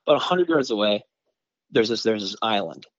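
A man from Michigan, a bowhunter guest on a podcast, tells a story in an excited, rambling way and packs his talk with "like" and "you know". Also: on the low side, brisk, dry recording, highs cut off. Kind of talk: casual storytelling in a podcast interview.

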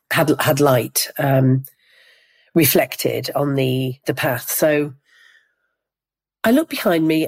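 An older woman from Northeast England, slowly recounting a personal memory in an interview, reflective and measured with pauses and restarts. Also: sits low, darkish tone.

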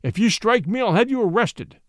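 Shaky scared old judge, high wobbly threats, as a narrator puts him on, dry close sound. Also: male voice, wildly swooping pitch, moderate pace, fairly bright tone, no room sound, full character voice. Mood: frightened. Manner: quavering, fearful threats. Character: frightened, quavering older male judge.

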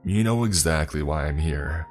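A man's voice: rumbling low, moderate pace, faint music behind. A man voicing a frantic, angry young man who speaks bluntly and with hostility. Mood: hostile.

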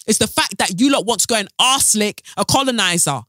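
A woman hosts her own podcast alone, talking bluntly and fiercely and swearing freely. Her pitch sits in a middle range. She is recorded close and dry, with no room sound. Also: animated, moderate pace, a bit bright, dry recording. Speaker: podcast host. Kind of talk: solo podcast monologue.

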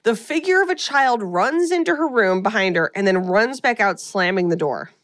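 A woman's voice: fairly high pitch, expressive, normal speed, fairly bright tone, no echo, studio quality. A woman co-hosting a podcast, recapping a film in a rambling, casual way with lots of fillers. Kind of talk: casual chat.

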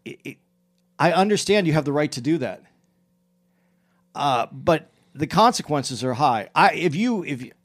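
A man chatting casually, telling a story in a rambling way with many restarts and self-corrections, and growing animated as he retells exchanges. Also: fairly high pitch, measured pace, pauses often.

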